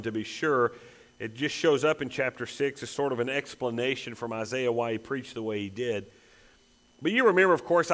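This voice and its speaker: A man's voice: medium pitch, a bit bright. A man preaching a sermon as pastor, emphatic and building to intense repeated phrases. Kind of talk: expository sermon.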